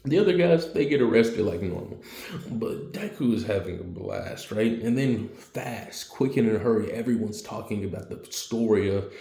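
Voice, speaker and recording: A man's voice: on the low side, lively intonation, moderate pace, dark tone, reverberant. A man telling a homemade fan story casually, rambling with slang and fillers.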